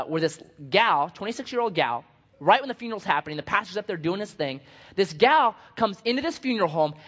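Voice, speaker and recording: A man preaching a sermon as a pastor, joking and animated, swinging from loud bursts to hushed asides. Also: sits high. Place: church sanctuary. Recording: dull sound with long hall reverb.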